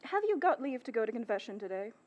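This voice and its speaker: A woman's voice: on the high side, big pitch swings, fast, a little mellow, dull audio. A woman playing an older, bawdy, complaining nurse in an outdoor Shakespeare performance, with theatrical groans and exclamations. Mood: teasing. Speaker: stage actor.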